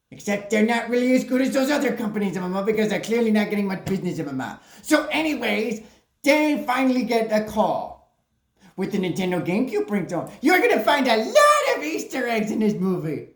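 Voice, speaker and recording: A woman doing a comic hobo persona who excitedly and crudely recaps a movie plot, tacking "mama" onto her lines. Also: on the high side. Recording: roomy echo.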